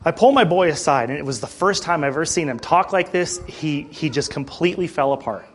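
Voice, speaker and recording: A man's voice: fairly high pitch, brisk, husky. A man in his thirties, a pastor preaching a sermon, telling a story to the congregation and getting fired up. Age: 30s. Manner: animated, fired up, talks straight to the congregation.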